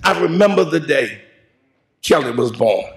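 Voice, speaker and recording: A man preaching a funeral eulogy in a call-and-response style, moving into shouts and half-sung lines. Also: on the high side, expressive, normal speed, gravelly. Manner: preaching cadence, rising to shouts and sung phrases. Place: large church sanctuary.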